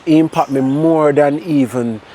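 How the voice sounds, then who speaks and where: A man with a Jamaican accent sharing his personal testimony in a conversation, telling it in a lively way with bits of patois. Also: a little high, a little slow, a little hiss or hum. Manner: animated storyteller mixing in patois. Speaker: interview guest.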